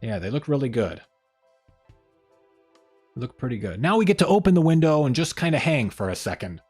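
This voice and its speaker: A man's voice: mid-range voice, sing-song, normal speed, a little mellow, slightly rough, soft background music. A man hosting a casual live stream from home, rambling and self-mocking, often trailing off mid-thought. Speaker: streamer host. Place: home room by an open window.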